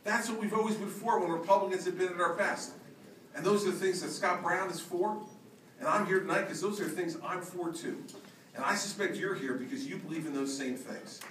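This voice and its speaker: A man's voice: high voice, a little fast, slight background noise. A middle-aged man giving a punchy, joking campaign speech from a podium. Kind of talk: political rally speech with anecdotes. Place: large crowded hall. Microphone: podium microphone. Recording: echoey hall, distant mic, loud crowd.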